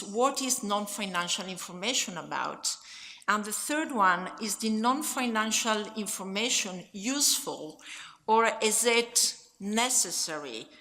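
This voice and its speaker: A woman with an Italian accent, a native Italian speaker, giving a conference talk in English, halting with frequent restarts and fillers. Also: mid-range voice, sharp tone. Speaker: conference speaker, stock exchange official. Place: conference hall. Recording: long hall reverb.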